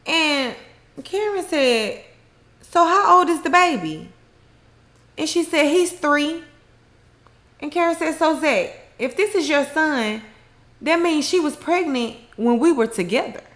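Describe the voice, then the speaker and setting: A woman's voice: high voice, animated, unhurried. A woman casually recapping a TV episode, retelling scenes in her own words with slang and frequent laughter. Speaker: recap host.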